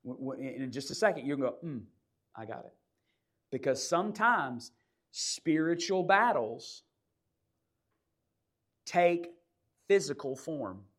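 A man's voice: on the high side, lively intonation, takes it slowly, pauses often. Man preaching a story-driven sermon. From South Georgia, USA. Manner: conversational storytelling, swings from hushed asides to loud bursts. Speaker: pastor.

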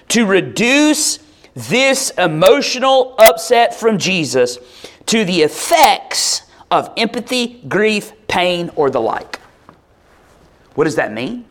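A man's voice: high voice, fairly bright tone. A male pastor preaching a conversational, expository sermon, firing rhetorical questions at the congregation.

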